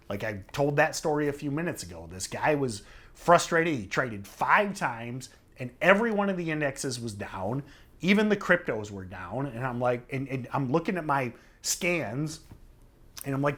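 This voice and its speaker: A middle-aged trading trainer talks casually to camera, teaching a trading lesson in a conversational way and repeating "okay?" to check in and stress his points. His voice is mid-range with a fairly bright tone.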